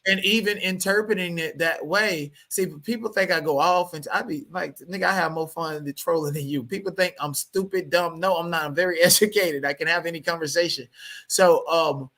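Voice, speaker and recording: A man talking as a guest on a livestream interview, animated and profane, repeating himself when he gets worked up. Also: fairly high pitch, a little fast.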